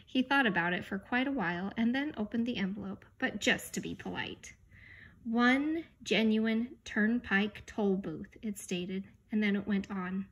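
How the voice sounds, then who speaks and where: A woman narrating a children's novel in an unhurried, expressive read-aloud manner. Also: medium pitch, highs cut off. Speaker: audiobook reader. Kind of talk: storybook narration.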